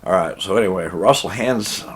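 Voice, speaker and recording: A man's voice: low-pitched, normal speed, slightly rough. A man telling a long prank story in a folksy, rambling way. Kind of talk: casual spoken storytelling.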